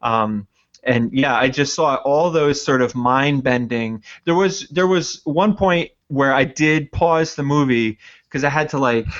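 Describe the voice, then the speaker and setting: Male podcast co-host, thoughtful, picks his words slowly. Muffled lo-fi audio. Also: medium pitch, fairly bright tone. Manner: reflective, searching for words. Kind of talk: casual movie review chat. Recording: dull lo-fi sound.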